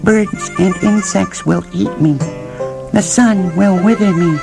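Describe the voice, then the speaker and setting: A man voicing a small pleading cabbage in a storybook reading, slow and whispery. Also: high-pitched, gravelly, over music, pitched above the performer's own voice, heavily acted, rough recording.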